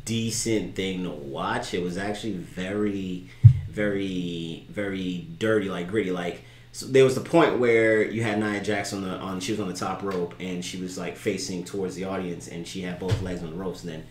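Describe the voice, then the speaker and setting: A man co-hosting a podcast in casual chat, loud and excitable, breaking into yells and laughs. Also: sits low, moderate pace. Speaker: podcast co-host. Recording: echoey room, faint noise.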